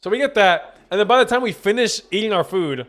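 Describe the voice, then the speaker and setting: A young adult man, a gaming streamer, telling a long story to his stream chat in a rambling, profane, animated way, acting out what everyone said. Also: high voice, quick pace. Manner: rambling, profane, animated retelling with quoted dialogue.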